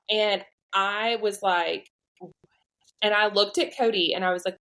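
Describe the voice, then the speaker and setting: Southern woman telling a lively story. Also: medium pitch, measured pace, poor audio. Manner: animated, acts out quoted voices. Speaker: podcast guest. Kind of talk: storytelling testimony.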